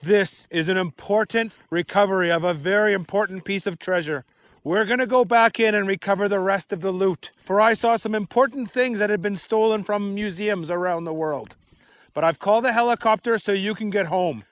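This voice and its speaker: Police chief, grown man, brave and dutiful, steady and formal, fairly high voice, read by a man. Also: normal speed, no room sound.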